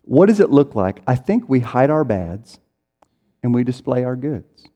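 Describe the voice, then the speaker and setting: A man's voice: medium pitch, big pitch swings, a little slow, warm tone, dull audio. A man preaching a sermon in a conversational way, acting out people's inner voices as he goes. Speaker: pastor. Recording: reverberant hall.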